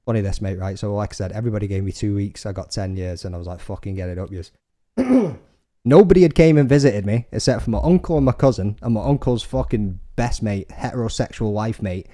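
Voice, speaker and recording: Podcast host, young man, lowish voice, sweary and animated. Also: fast, few pauses. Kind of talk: casual chat.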